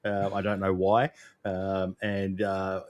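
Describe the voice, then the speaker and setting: A man's voice: low voice, monotone, slow. A man with an Australian accent hosting a casual interview, chummy and joking with his guest. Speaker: podcast host.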